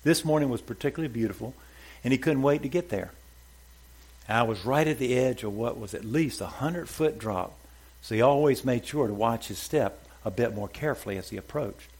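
Male pastor, emphatic sermon delivery, punchy repeated lines, mid-pitched voice. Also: a little fast, darkish tone, breathy edge. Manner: emphatic, repeats short exhortations. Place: church before a congregation.

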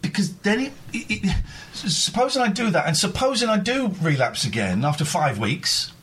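A man's voice: sits high, very animated, moderate pace, a bit bright, a little hiss or hum. A man hosting a radio show, talking candidly and earnestly, stopping and restarting often as he confesses.

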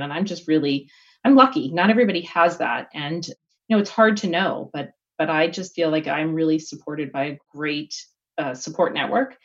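A woman's voice: deep voice, normal speed, dull audio. A middle-aged woman giving a candid, reflective interview answer, full of fillers and restarts. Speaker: guest executive.

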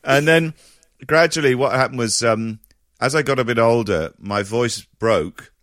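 A middle-aged man tells stories in a relaxed interview. He restarts phrases often and breaks into laughter. His pitch sits mid-range, and the sound is dry and close. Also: unhurried, dry recording. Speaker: interview guest. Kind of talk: casual conversational interview.

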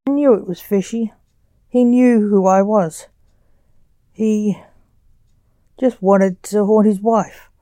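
A woman voicing a curt, bureaucratic male sorcerer who works as a stage magician, in a snappish, grumbling manner, in a slow storybook reading. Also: mid-range voice, steady tone, mellow, no room sound, natural voice.

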